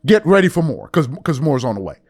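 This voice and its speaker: Animated, high-pitched emphatic man. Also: quick pace, no room sound, clean studio sound. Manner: emphatic, slangy, mocking impressions. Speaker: commentary host. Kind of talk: opinion commentary.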